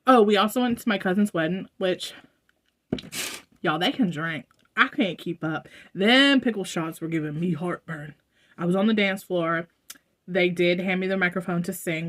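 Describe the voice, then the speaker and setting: A young American woman, a vlogger chatting casually to her viewers, rambling with fillers and asides. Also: fairly low pitch. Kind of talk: casual haul vlog. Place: indoors at home.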